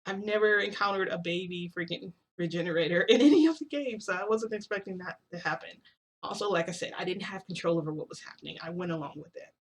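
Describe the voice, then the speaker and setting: A woman vlogger telling a casual story, rambling and excitable, often correcting herself. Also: on the low side, quick pace, breathy edge.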